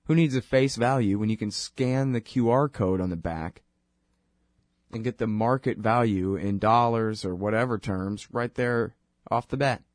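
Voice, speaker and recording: A man's voice: fairly low pitch, dry recording. Dry-voiced man hosting a radio show. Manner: rambling, wry, conversational, quick asides. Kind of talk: casual monologue.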